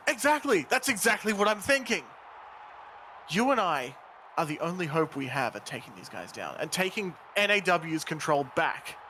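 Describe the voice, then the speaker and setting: A man plays a hot-headed wrestler in a homemade voice drama, with a high voice that swings wildly up and down as he snarls and curses. His tone is bright and tight, and a faint hiss of noise sits under it. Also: big pitch swings, normal speed. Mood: resolute. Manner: snarling, explosive, swears often. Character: angry volatile male wrestler, hot-tempered. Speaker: wrestler character. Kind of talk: amateur voice drama in a game.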